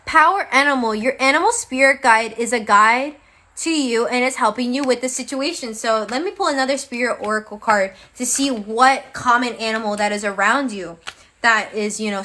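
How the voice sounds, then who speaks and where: A woman's voice: on the high side, moderate pace, bright, forceful tone. A young woman giving a casual live-stream tarot reading, chatty and tired, calling her viewers babe. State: tired, yawning. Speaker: tarot reader.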